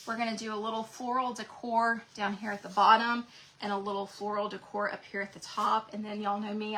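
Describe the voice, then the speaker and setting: A woman with a fairly high voice talks viewers through a craft project on a livestream. She chats loosely and keeps calling her audience y'all. Steady noise sits under her voice. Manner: chatty, addresses viewers as y'all. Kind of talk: casual craft demo livestream.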